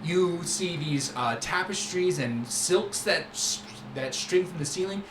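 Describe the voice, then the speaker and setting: A man narrating a tabletop game as game master, describing scenes in a relaxed, halting way. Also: a little high. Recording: roomy room with background noise.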